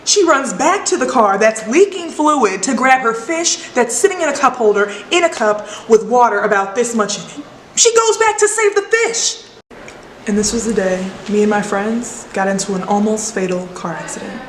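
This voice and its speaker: A woman narrating a comic story in a deadpan voice-over. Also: mid-range voice, normal speed, few pauses. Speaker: filmmaker narrating her short film. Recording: roomy echo with faint noise.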